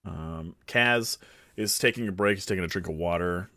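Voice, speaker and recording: A man running a tabletop game as dungeon master, loud and playful, joking with his players. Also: sits low, moderate pace, no room sound, studio quality. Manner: loud, playful, laughing, teasing.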